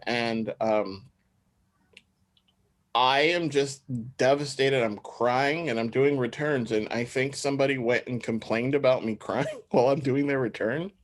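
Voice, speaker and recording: A man's voice: medium pitch, a little slow. Rambling man hosting a podcast. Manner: rambling, laughs often, many fillers. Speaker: podcast host. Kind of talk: casual chat.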